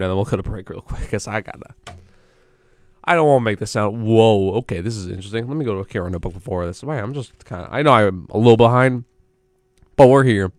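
A young man with a lowish voice hosts a college radio show alone, chatting into a studio mic in a rambling style that keeps interrupting itself. The recording is dry.

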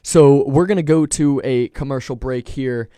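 A man's voice: medium pitch, normal speed, mellow, smooth, no room sound. A young man hosting a college radio sports show, talking casually and rambling. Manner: rambling, with restarts and fillers.

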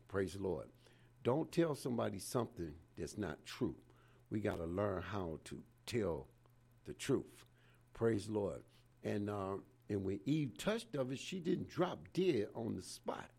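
A man's voice: low voice, creaky, warm tone, husky. A man in his seventies preaching an informal sermon in a folksy way, dropping in "praise the Lord" again and again. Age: 70s.

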